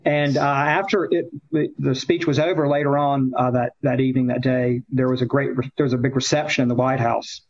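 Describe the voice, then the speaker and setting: A male guest tells a story in an unhurried, conversational way, pausing often on fillers and restarting his sentences. His voice sits at an ordinary pitch. The recording sounds muffled and lo-fi. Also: fairly even intonation. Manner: halting, with frequent fillers and restarts.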